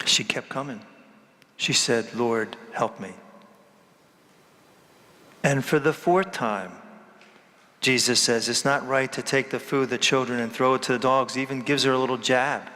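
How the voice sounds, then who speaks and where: A man's voice: mid-range voice, pushed and bright, in a large hall. A man giving a sermon as a priest, emphatic, repeating key words and asking the congregation rhetorical questions.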